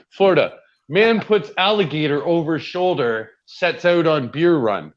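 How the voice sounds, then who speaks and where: A man's voice: fairly high pitch, animated, a little slow. Man, podcast host, casual and profane, laughing often, muffled lo-fi audio. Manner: loose, laughing, swears freely. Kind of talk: casual chat.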